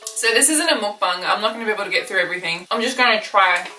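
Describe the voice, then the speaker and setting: A young Australian woman in her twenties chatting casually and giggling as she tastes fast food at home. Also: mid-range voice, animated, bright, forceful tone, roomy sound, distant mic, soft background music, rough recording. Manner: chatty, giggly, thinking aloud. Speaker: food vlogger. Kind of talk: casual food review vlog. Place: bedroom at home.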